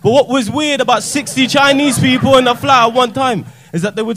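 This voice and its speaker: A young man, his speaking voice set notably high, delivers a stand-up set in a comedy club. He is deadpan and self-mocking and uses plenty of street slang. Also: brisk, hardly any pauses. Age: young adult.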